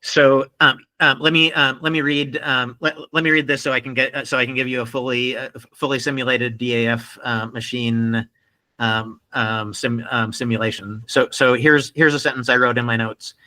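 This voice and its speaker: A man talking unscripted to camera in a very bright, forward voice. His sentences loop back on themselves with repeated words, restarts, and steady fillers. Phrases tumble out in quick spurts before he catches himself and starts again. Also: medium pitch. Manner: many repetitions, restarts and fillers, bursts of speed. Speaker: video creator talking about his speech. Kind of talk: casual unscripted monologue.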